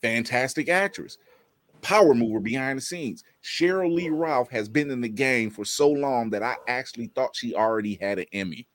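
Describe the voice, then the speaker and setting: A man hosting a podcast in casual chat, animated and laughing often. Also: medium pitch, moderate pace. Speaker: podcast host.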